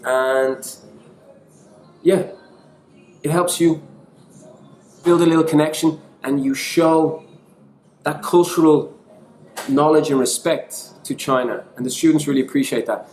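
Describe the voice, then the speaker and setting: A man's voice: on the high side, fairly even intonation, unhurried, long pauses, darkish tone, a little hiss or hum. An Irish man giving a casual teaching talk, chatty and self-deprecating, mixing in bits of other languages. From Ireland. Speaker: online English teacher. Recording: echoey room.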